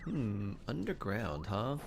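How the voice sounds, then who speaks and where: A man's voice: on the low side, very animated, slow pace, vocal fry, background noise. A man streaming a game, chatting casually, reading chat aloud and humming between remarks. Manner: laid-back, hums and scats to himself while reading chat. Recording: faint music behind.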